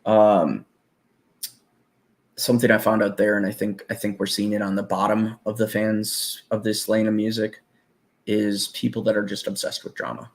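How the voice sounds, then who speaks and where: A man's voice: on the low side, completely flat delivery, moderate pace. A man chatting casually as a guest, rambling and swearing freely, laughing often. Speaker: guest musician. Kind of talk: casual profane chat.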